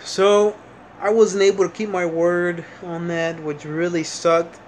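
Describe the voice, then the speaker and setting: A man's voice: sits high, little pitch movement, unhurried, a little hiss or hum. Rambling, frustrated young man vlogging. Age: young adult. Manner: rambling, frustrated, with many fillers and restarts. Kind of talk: casual vlog monologue.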